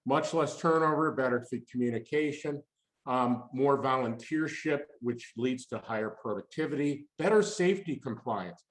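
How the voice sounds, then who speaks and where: A man's voice: medium pitch, moderate pace. Emphatic man presenting a webinar. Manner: emphatic, punchy delivery with rhetorical questions. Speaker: webinar speaker on employee engagement. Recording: roomy echo.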